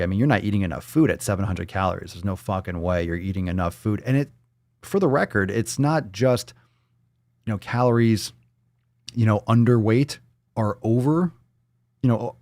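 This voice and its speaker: A man's voice: on the low side, darkish tone, no echo. Blunt, profane male fitness host. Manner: blunt, profane, playful, jumps into silly voices. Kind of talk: casual live-stream chat, reading viewer posts.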